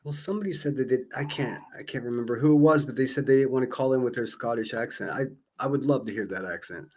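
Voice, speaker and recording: A man's voice: mid-range voice, fast talker, darkish tone. A man hosting a call-in livestream, chatting casually, laughing often and stumbling over repeated words.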